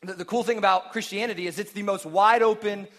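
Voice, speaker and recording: Man, pastor, sermon, conversational, repeats words, high voice, long hall reverb. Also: fairly even intonation, fast, fairly bright tone. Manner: conversational, repeats words when stressing a point.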